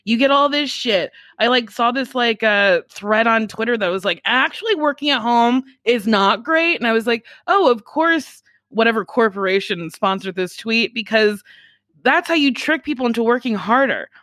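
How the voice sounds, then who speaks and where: A woman's voice: on the high side, animated, normal speed, a bit bright, dry recording, studio quality. A woman comedian, a guest on a chat podcast, talking bluntly, swearing freely and acting out other people's lines. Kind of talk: casual chat.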